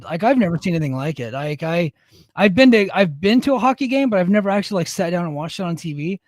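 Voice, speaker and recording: A man's voice: high-pitched, animated, quick pace, a little mellow, dry recording, clean studio sound. A man co-hosting a podcast in casual chat, easygoing and reading out chat names. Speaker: podcast co-host; Air Force service member in leadership.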